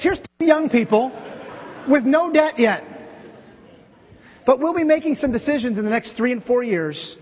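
A man's voice: very high-pitched, husky. A man preaching a church sermon, playful and joking with volunteers on stage. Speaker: pastor. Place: church sanctuary. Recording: lo-fi with long hall reverb.

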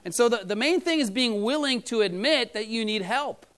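A man's voice: very high-pitched, animated, moderate pace, a bit bright, clean tone. A middle-aged man preaching a casual sermon to his church, talking in a loose storytelling way with many fillers. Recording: church audio recording.

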